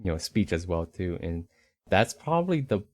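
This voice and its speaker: Low-voiced man with a slight Rhode Island accent. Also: big pitch swings, normal speed. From Northeastern United States. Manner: easygoing, rambling, many fillers and restarts. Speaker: podcast co-host. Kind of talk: casual conversational podcast chat.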